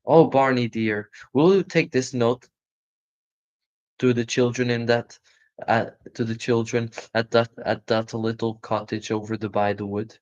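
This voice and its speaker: A man voicing a sweet little female fairy who coaxes gently in a storybook. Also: medium pitch, fairly quick, few pauses, pitched above the performer's own voice, natural voice. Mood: coaxing. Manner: sweet, coaxing. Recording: muffled lo-fi recording.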